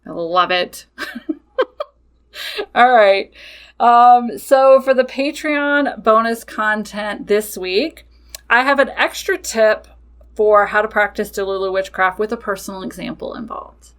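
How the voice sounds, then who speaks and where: Slow and fairly bright in tone, a medium-pitched woman who hosts a podcast and owns a witchcraft business talks casually and bluntly, laughing often and swearing without restraint.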